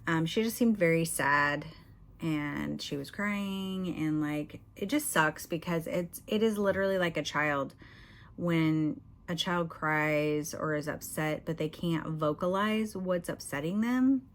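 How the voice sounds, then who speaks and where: A woman's voice: sits low, a little slow. A middle-aged woman chatting candidly in a casual vlog, often using "you know" and "y'all". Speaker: book vlogger.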